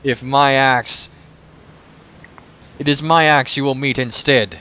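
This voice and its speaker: A man's voice: medium pitch, fairly even intonation, slow pace, pushed and bright, clear, resonant tone, rough recording. A man voicing a proud, stern male dwarf warrior, reading game dialogue aloud in a stiff, formal way. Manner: formal, stiff-spoken, reads in character.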